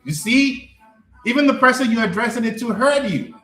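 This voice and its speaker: A man's voice: very high-pitched, expressive, moderate pace, bright, forceful tone, echoey room, soft background music. A man coaching on a live stream, answering chat in an emphatic, repetitive way and often checking that listeners follow him.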